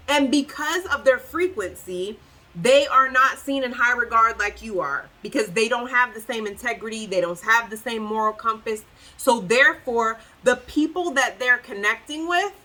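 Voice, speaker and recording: Woman, tarot reader talking straight to the viewer; high, bright voice, emphatic and sassy. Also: rough recording. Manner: emphatic, preachy, repeats phrases for effect; sassy, incredulous outbursts.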